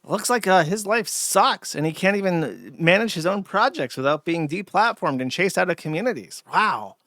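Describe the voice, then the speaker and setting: A man's voice: high-pitched, animated, normal speed, a bit bright, no room sound. A man hosting a livestream, rambling through crude, sardonic commentary with lots of fillers, close to a desk mic. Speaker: streamer and host.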